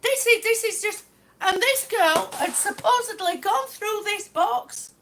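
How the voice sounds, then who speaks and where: A woman with a very high voice, on a live stream at home, looks over damaged tiles at an unhurried pace. Her tone is exasperated and sarcastic, and she swears now and then. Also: noisy background. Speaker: vlogger. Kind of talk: live-stream product complaint. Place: home, indoors.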